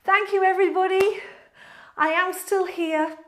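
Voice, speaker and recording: A woman's voice: very high-pitched, fairly even intonation, measured pace, fairly bright tone, a little hiss or hum. A woman leading a live pilates class, encouraging and a little out of breath. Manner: cheerful, encouraging cues. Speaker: pilates instructor. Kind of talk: live-streamed workout instruction.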